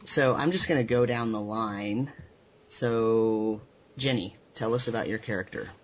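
A man's voice: fairly low pitch, a little slow, muffled recording. A man acting as dungeon master, chatting casually and explaining rules with plenty of fillers. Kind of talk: casual tabletop game talk.

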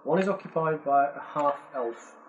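A man's voice: a little high, moderate pace, lo-fi sound. A man narrating a tabletop game as game master in a casual, jokey way. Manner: casual, jokey, swears lightly. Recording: distant mic, faint noise.

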